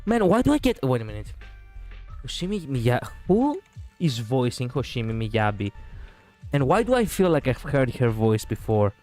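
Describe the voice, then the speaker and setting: A young man streaming a game, chatting casually and reading story text aloud, animated and laughing often with stumbles and restarts. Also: medium pitch, moderate pace, soft background music.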